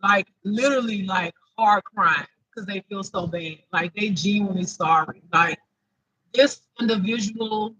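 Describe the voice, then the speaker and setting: A man's voice: high voice, unhurried, bright, forceful tone, dry recording, highs cut off. A man giving an improvised spiritual reading to viewers, emotional and close to tears, repeating himself in a chatty way. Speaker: intuitive spiritual reader.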